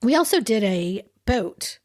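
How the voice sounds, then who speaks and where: A woman's voice: a little high, very animated, measured pace, darkish tone. A woman co-hosting a podcast, chatting casually and laughing often about a trip. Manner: giggly, chatty, with frequent restarts. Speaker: podcast co-host. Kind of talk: casual travel chat.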